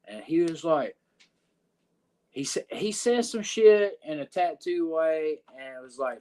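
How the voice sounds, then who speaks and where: Speaking at a measured pace in an expressive, fairly high but dark-toned voice, this Southern wrestler guest rambles through a profane locker-room tale for a podcast, leaning on "uh" and "you know what I'm saying."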